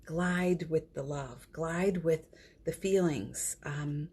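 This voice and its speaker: Middle-aged woman healer hosting a livestream, low-ish and breathy, gentle and affectionate with viewers. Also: slow pace. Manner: gentle and affectionate, greets viewers by name, laughs often. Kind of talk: casual spiritual pep talk on a livestream. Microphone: phone or computer mic for a livestream.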